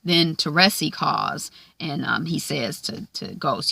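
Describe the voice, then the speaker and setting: A woman's voice: low-pitched, expressive, takes it slowly, creaky, sharp tone, slightly rough, no room sound. A woman casually recapping a TV episode, chatty, with lots of "um" and "like", acting out the characters' lines. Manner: chatty, frequent "um" and "like", acts out quoted lines.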